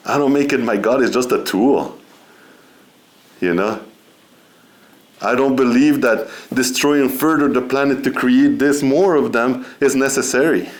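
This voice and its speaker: Speaking in a mid-range voice, the middle-aged seminar guest keeps his spiritual talk informal and easygoing. He laughs between points and drops in "you know" frequently.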